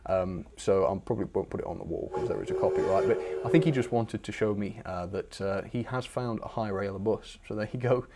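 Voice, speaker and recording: Over a noisy background, this fairly low-voiced young man from Britain speaks a little fast with few pauses. As a channel host on a casual live stream, he reads viewer messages and shows their pictures, chatty and enthusiastic with self-deprecating asides.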